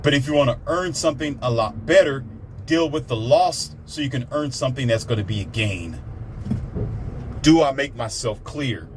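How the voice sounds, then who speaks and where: A man's voice: medium pitch, expressive, normal speed, background noise. Blunt preachy man lecturing. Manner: blunt, preachy, repeats himself. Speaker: motivational speaker. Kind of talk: blunt motivational monologue.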